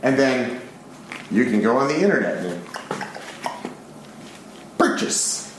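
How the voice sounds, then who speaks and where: A man from the United States, giving a live public lecture in an excitable, animated, casually profane way. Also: mid-range voice, takes it slowly, background noise. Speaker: speaker giving a public talk. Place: large concert hall with an audience. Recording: very echoey live hall recording.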